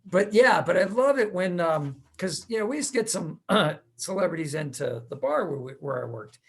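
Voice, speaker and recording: A man hosting a casual interview over a video call, chatty and animated, loose with fillers. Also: sits high, normal speed. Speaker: podcast host.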